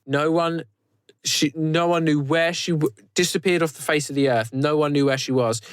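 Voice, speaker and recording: A man's voice: fairly high pitch, steady tone, moderate pace, clean tone, no echo, studio quality. A man hosting a podcast in casual chat, rambling loosely with many restarts. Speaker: podcast host.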